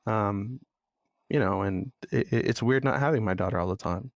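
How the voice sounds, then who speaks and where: A man's voice: lowish voice, moderate pace, gravelly, no echo, clean studio sound. A young man hosting a podcast, talking bluntly and venting about co-parenting, swearing freely and getting exasperated. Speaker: podcast host. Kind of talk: candid monologue.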